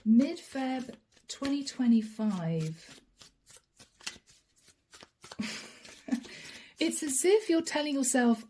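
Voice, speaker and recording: A woman's voice: a little high, lively intonation, takes it slowly, long pauses, dark tone. A woman giving a channeled tarot reading, chatting straight to her viewers and laughing often. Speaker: tarot reader.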